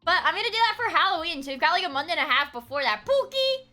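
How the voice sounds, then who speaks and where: A woman streamer chatting casually with her viewers, laughing often and breaking into sudden shouts. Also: extremely high pitch, fast talker, faint music behind. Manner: animated, laughing, bursts into shouting. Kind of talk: casual chat.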